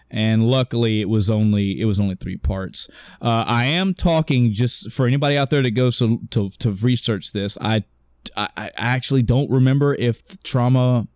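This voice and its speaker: A man's voice: mid-range voice, darkish tone, dry recording. A man co-hosting a casual podcast chat, rambling and correcting himself as he retells a story, swearing offhand and acting out the characters' lines. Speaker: podcast co-host.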